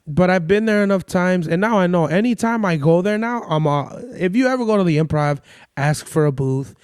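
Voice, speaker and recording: A man hosting a podcast, ranting in crude, sarcastic storytelling while sick and low on energy. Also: expressive, fairly quick, a little mellow, clear, resonant tone, dry recording, studio quality. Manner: heated, crude, sarcastic, mimics people in quotes. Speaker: podcast host. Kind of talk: profane storytelling rant.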